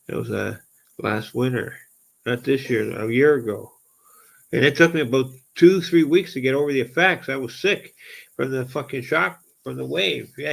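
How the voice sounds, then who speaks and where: A man telling an excited, rambling story in casual speech, full of swearing, with "right?" and "okay?" tacked onto nearly every line. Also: medium pitch, creaky, rough recording. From Southern Ontario, Canada.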